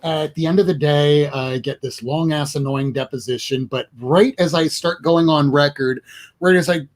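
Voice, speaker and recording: A man's voice: fairly high pitch, steady tone, moderate pace. A man telling stories in casual chat. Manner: storytelling, swearing, acting out quotes. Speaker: host.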